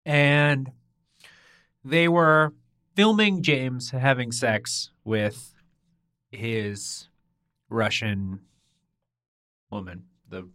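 A man co-hosting a casual podcast chat, bantering in an animated, mock-outraged way. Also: mid-range voice, drawn-out words, pauses often, dry recording, clean studio sound. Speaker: podcast co-host.

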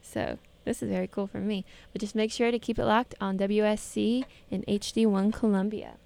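A woman's voice: medium pitch, steady tone, normal speed, creaky, a little mellow. A young woman with an American accent hosting a casual radio interview, bubbly and chatty, with many "like"s. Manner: bubbly, chatty, says "like" often. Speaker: radio host.

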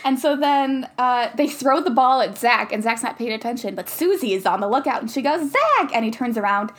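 A woman's voice: fairly high pitch, fairly quick, slight background noise. A young woman co-hosting a podcast, casually recapping a movie with frequent laughs and fillers. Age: young adult. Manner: giggly, talks with many likes. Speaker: podcast co-host.

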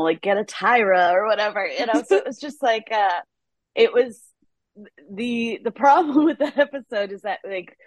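A woman's voice: medium pitch, dry recording. Dry, chatty woman TV writer. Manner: chatty, many fillers, laughs often. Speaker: TV writer, podcast guest. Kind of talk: casual interview chat.

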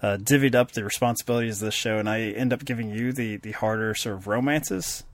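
A man co-hosting a podcast chats casually, rambling and self-deprecating with lots of fillers. His voice is on the low side, fairly even and brisk, recorded in clean studio sound with no room ambience.

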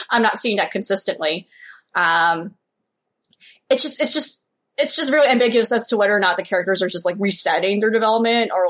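Fast-talking woman reviewing a show. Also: mid-range voice, fairly bright tone. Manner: rambling, filler-heavy opinions. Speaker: podcast co-host. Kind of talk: casual chat.

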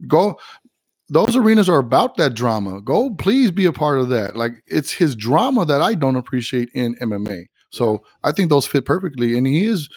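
A man co-hosting a casual podcast chat, blunt and profane but quick to agree. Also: medium pitch, big pitch swings, darkish tone, slightly rough, no room sound.

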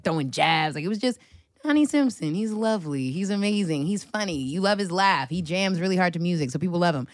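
A woman in her thirties with a notably low voice tells her career story in chatty, animated podcast talk. The sound is dry and close, with no room echo. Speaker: podcast guest, media personality. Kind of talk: casual chat.

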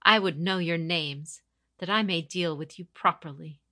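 A woman voicing a proud, commanding female samurai champion who speaks in a stern, measured way. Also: fairly low pitch, bright, forceful tone, no echo, clean studio sound.

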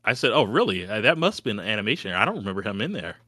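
A man's voice: lowish voice, very animated, very fast, pushed and bright, dry recording, clean studio sound. A man co-hosting a podcast in casual chat, joking and laughing at his own quips. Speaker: podcast co-host.

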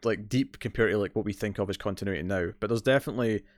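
A man co-hosting a casual podcast chat, retelling scenes in lively fashion, acting out voices and laughing often. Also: fairly low pitch, quick pace. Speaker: podcast co-host.

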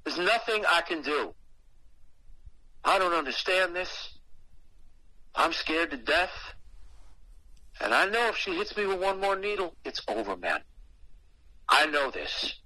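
A man's voice: fairly high pitch, measured pace, long pauses, no echo, rough recording. A man casually telling a personal story, profane and slangy, acting out what he said back then. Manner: profane, slangy and animated, acting out his own past words.

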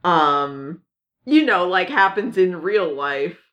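Podcast co-host, woman, slow and rambling, low-ish voice, lots of ums and giggles. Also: expressive, fairly bright tone. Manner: rambling, many fillers and restarts, giggly. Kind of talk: casual chat about comics.

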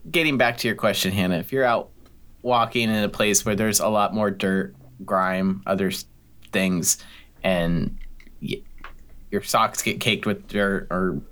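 A man's voice: on the low side, steady tone, a little slow, fairly bright tone. Rambling, joking man in casual chat. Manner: rambling, self-mocking joker. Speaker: podcast co-host.

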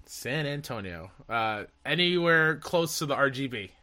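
Bright-voiced upbeat male podcast host. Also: mid-range voice, lively intonation, unhurried. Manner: upbeat, friendly, rambling. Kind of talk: casual podcast intro and interview.

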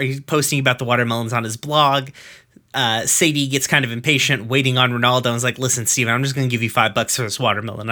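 Bright-voiced man recapping casually. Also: medium pitch. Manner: loose and profane, many fillers, quick asides. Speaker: podcast co-host recapping a cartoon episode. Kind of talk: casual chat, episode recap.

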